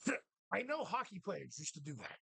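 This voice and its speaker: A man's voice: high-pitched, very animated, brisk, vocal fry, bright, forceful tone, breathy edge, no room sound. A man hosting a casual chat in a pub, telling profane, rambling stories.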